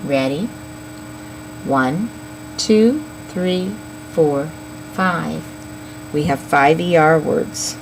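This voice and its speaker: A woman teaching young children a phonics lesson, slowly sounding out words and counting syllables. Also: sits low, slight background noise, poor audio. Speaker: elementary school teacher.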